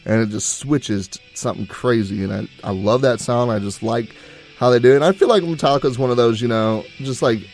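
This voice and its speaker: A man's voice: medium pitch, fairly quick, a little mellow, faint music behind. Young man chatting easily on college radio. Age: young adult. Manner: rambling, easygoing, laughs often. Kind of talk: casual chat. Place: radio studio. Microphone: studio mic.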